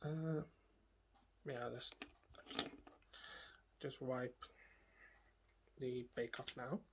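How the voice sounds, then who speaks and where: A woman's voice: rumbling low, fairly even intonation, very slow, noisy background. A woman beauty vlogger talking casually through a makeup tutorial, chatting to herself and trailing off into murmured asides as she works.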